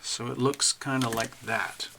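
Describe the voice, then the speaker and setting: A man's voice: mid-range voice, fairly even intonation, a little slow, vocal fry, background noise. A man hosting a casual astrology livestream, chatting animatedly to viewers while drawing charts.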